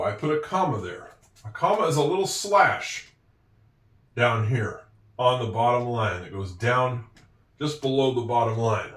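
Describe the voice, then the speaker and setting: Male teacher, slow and patient explainer, echoey room, slightly off-mic. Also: medium pitch, recorded from a distance. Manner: patient, slow and explanatory, self-deprecating asides. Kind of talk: handwriting lesson.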